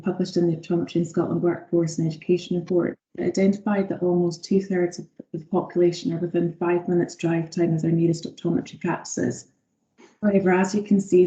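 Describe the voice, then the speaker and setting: Woman reading board slides, low flat voice, roomy muffled call audio. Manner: reads prepared text with fillers. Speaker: optometry lead presenting to a health board. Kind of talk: formal presentation. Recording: echoey dull video call audio.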